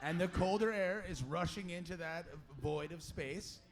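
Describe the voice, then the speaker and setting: A man's voice: high voice, normal speed, slight background noise. A man appearing as a guest on a live podcast stage, brash and confident, swearing freely. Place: live music venue stage. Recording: live venue with loud crowd.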